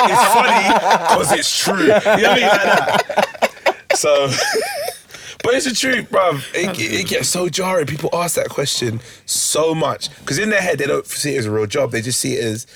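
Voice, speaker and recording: A young man, a comedian guest on a podcast, telling animated stories and laughing often. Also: on the high side, normal speed, noisy background. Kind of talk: casual podcast chat.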